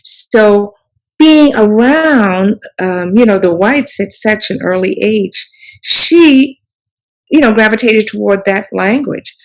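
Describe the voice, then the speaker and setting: A woman's voice: medium pitch, lively intonation, slow pace, poor audio. A woman, reminiscing in a rambling interview style full of "you know" and restarts. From South Carolina Sea Islands. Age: 70s. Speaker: author and storyteller guest.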